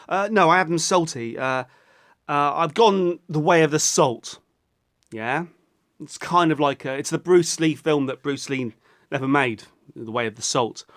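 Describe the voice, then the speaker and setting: A man rambling to camera in a loose, goofy vlog, his pitch leaping all over the place. His voice sits a little high for a man, and he swears freely while slipping into silly voices. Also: fairly bright tone. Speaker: vlogger.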